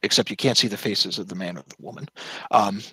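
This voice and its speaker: A man running a tabletop game as game master, describing scenes in a halting way with fillers. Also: fairly low pitch, sharp tone, husky, no room sound, rough recording.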